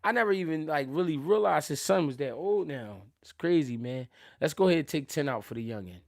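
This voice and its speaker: Brief: Philly-male host, gravelly low-key voice, slangy live-stream banter, dry close mic. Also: lively intonation, brisk, no room sound. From Philadelphia. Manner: slangy, laughing, swings from loud to mumbled. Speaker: boxing channel host. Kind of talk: casual live-stream chat.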